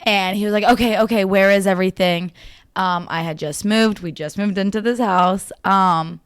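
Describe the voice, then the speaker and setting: A young woman co-hosting a podcast, telling a story in casual chat, laughing and at times dropping to a low mutter. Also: steady tone, normal speed, smooth. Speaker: podcast co-host.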